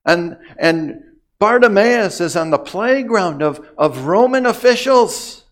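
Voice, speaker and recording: A high-voiced man delivers a sermon at a slow, deliberate pace. He drops to near-whispers before surging into emphatic, declarative lines. He lets long pauses hang between his phrases. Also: animated. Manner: dramatic swings from hushed to emphatic. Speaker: preacher. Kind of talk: expository sermon.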